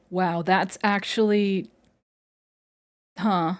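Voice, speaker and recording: A woman's voice: lowish voice, animated, a little slow, soft background music. A woman streamer giving casual game commentary with wry, self-mocking asides.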